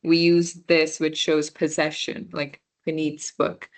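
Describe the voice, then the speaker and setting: A woman's voice: low-pitched, little pitch movement, takes it slowly. A young woman teaching a beginner class, explaining patiently and checking that her students understand. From Punjabi background. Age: young adult. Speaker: French workshop instructor.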